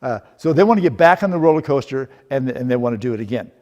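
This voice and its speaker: A man's voice: medium pitch, lively intonation, fast talker, darkish tone, in a large hall. A middle-aged man presenting a workshop, telling a humorous story with rhetorical questions in a lecture style. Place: seminar room.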